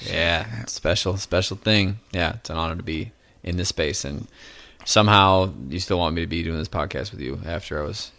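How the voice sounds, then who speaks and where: A man co-hosting a podcast, chatting in a relaxed, friendly way. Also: deep voice, moderate pace, no room sound. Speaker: podcast co-host. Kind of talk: casual chat.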